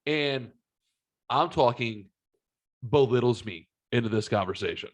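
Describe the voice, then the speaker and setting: Guy podcast host ranting a story, lots of cussing, mid pitch. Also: unhurried. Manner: profane, rambling storyteller. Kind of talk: casual chat.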